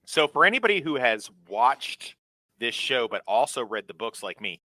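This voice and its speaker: A man co-hosting a casual show recap chat, animated and profane, with quick apologetic asides. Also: medium pitch, no echo. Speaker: co-host.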